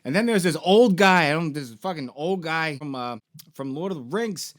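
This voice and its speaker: A young man hosts a casual game-story recap, rambling along with plenty of ums and swearing. His voice sits a bit higher than most men's. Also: animated, normal speed, fairly bright tone. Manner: rambling, profane, full of fillers. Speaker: toy and game store host.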